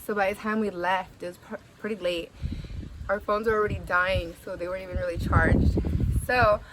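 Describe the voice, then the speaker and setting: A young woman from the San Francisco Bay Area is telling a story casually and animatedly, full of "like," swear words, and laughter. She speaks at a moderate pace in a medium pitch over a noisy background.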